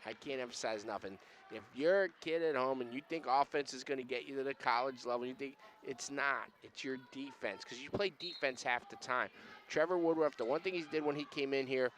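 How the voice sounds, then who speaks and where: A man's voice: medium pitch, brisk, fairly bright tone, slight background noise. A man who coached before, giving color commentary on a basketball game in an emphatic, teaching way and repeating his key points.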